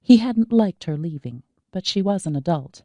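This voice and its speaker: Audiobook narrator: woman, low dark voice, measured and slow, dry booth sound. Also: dry recording. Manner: even, measured storytelling.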